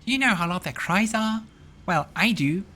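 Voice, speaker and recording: A man's voice: high-pitched, lively intonation, moderate pace, pushed and bright, pitched above the performer's own voice, exaggerated voice. A man voicing a bubbly, childlike female azata spirit with an eager, sing-song way of talking in a game. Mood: chatty.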